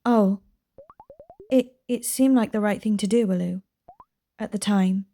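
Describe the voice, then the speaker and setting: A woman's voice: mid-range voice, measured pace, mellow, natural voice. A woman reading as a strained young mother. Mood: tender.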